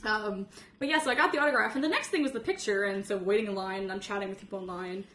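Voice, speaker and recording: A young woman telling an excited story in a casual chat, rambling and laughing often. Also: medium pitch, quick pace, roomy sound, slight background noise. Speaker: guest telling a convention story.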